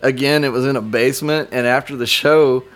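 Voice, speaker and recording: A man in casual podcast chat, telling old tour stories with lots of swearing and loud acted-out quotes. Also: medium pitch, a little fast. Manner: animated, swears a lot, acts out quotes loudly. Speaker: podcast guest, former band member.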